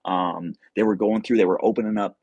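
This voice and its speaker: A young man hosts a casual livestream, rambling through a story full of fillers and restarts and reading viewer comments aloud. His lowish voice is steady, a little fast and a little mellow, on a dry, dull-sounding recording.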